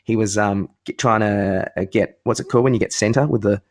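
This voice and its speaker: An Australian man co-hosts a casual chat with a lowish voice, full of fillers and restarts. He raises his voice to act out the lines he quotes. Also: a little fast. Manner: rambling with many fillers and restarts. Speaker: podcast co-host.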